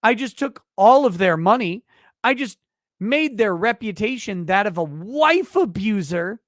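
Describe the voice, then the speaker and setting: A man's voice: high-pitched, animated, measured pace, a bit bright, no room sound. A self-righteous litigant whines in outrage at being sued, as a man mocks them. The sarcastic whine is drawn out and heavy with mock indignation. The sound is dry and close, with no room around it. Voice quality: mocking, whining sarcasm.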